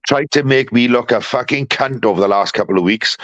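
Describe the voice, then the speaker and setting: A man ranting angrily and profanely to his live-stream community, jumping between loud outbursts and low mutters. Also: fairly quick, muffled recording. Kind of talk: angry live-stream rant.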